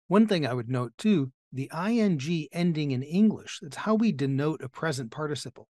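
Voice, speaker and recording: A man's voice: a little high, lively intonation, moderate pace, darkish tone, no echo. Man teaching on scripture, dry close sound. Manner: explanatory, asks the listener rhetorical questions. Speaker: Bible teacher. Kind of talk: teaching sermon.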